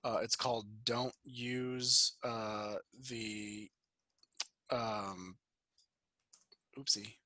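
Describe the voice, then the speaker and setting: A man's voice: fairly low pitch, little pitch movement, extremely slow, long pauses, bright, forceful tone, no room sound. A man in his twenties co-hosting a podcast over a video call, rambling casually and swearing freely. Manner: loose, profane, rambling storytelling. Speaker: podcast co-host. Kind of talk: casual chat.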